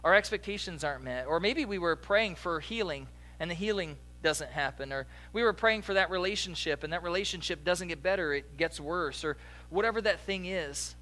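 A young adult man preaching a sermon as a pastor, in a conversational, animated storytelling way with asides to the congregation. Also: high-pitched, fairly quick, hardly any pauses.

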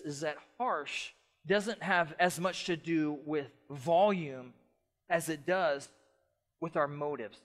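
Passionate high-voiced male preacher. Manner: passionate, swings from loud emphatic to soft and quiet. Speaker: pastor. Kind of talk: sermon.

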